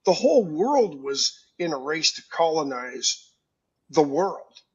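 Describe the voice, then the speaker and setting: A man's voice: on the high side, very animated, slow pace, breathy edge, muffled recording. A man co-hosting a call-in talk show, blunt and emphatic, often repeating words as he starts a thought. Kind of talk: casual political call-in talk.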